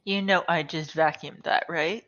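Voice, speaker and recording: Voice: mid-range voice, fairly even intonation, moderate pace, fairly bright tone, highs cut off. A tabletop player chatting casually with dry, teasing humor. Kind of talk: casual chat.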